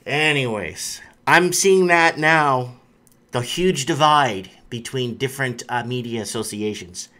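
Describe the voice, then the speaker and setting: A man's voice: medium pitch, unhurried, bright, forceful tone. A man hosting a live stream, talking casually and rambling, with frequent restarts and fillers.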